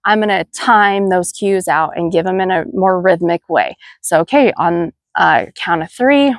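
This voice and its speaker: A woman at a middle pitch talks other riding instructors through her tips, steady and practical, counting cues out loud. The sound is dry, with almost no room around her. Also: no room sound. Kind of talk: instructional video talk.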